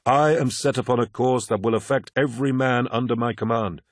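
A man's voice: mid-range voice, steady tone, a little fast, no echo, studio quality, voice pushed up, natural voice. A man voicing Horus, a commanding charismatic warlord. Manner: grand, persuasive, theatrical speech. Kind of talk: audiobook character reading.

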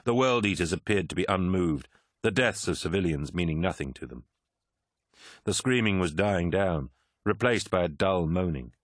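Deep-voiced man narrating grimly. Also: lively intonation, moderate pace, no echo, clean studio sound. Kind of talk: audiobook narration.

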